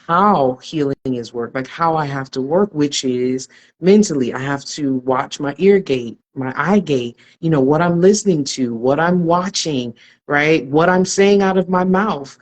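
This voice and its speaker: A woman's voice: sits low, measured pace, rough recording. A woman who is a podcast guest, telling a personal story in an earnest, reflective and emotionally open way.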